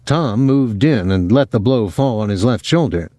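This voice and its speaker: A man's voice: lowish voice, lively intonation, normal speed, warm tone, no echo, clean studio sound. A man reading a novel aloud as an audiobook narrator, giving each character a voice.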